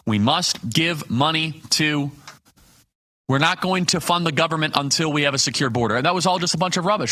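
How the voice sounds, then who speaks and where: A man's voice: a little high, sharp tone. A man hosting a live political talk show, delivering emphatic commentary built on rhetorical questions and punchy lists.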